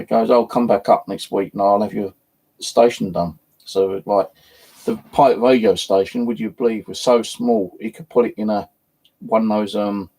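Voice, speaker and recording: Gravelly, husky man. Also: on the low side, warm tone, low-quality recording. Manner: rambling, swears freely, laughs between. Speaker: channel host. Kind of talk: casual storytelling.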